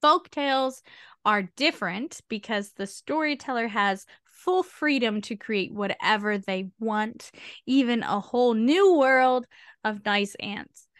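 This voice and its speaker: Slow-talking bright woman co-host. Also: a little high, clear, resonant tone, no room sound, studio quality. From United States. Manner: animated and emphatic, asides with "okay?". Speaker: podcast co-host. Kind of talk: casual chat.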